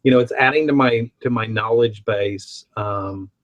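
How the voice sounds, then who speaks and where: A man's voice: on the low side, moderate pace, phone-quality sound. A middle-aged man from Alabama, chatting on a podcast panel and telling rambling, self-mocking stories. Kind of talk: casual podcast chat.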